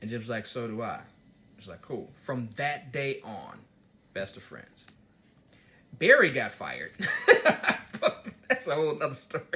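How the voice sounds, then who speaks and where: A man hosting his own channel, telling a workplace story in a casual motivational talk and acting out the dialogue as he goes. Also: high voice. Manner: storytelling, animated, digresses and acts out dialogue. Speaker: host giving business advice.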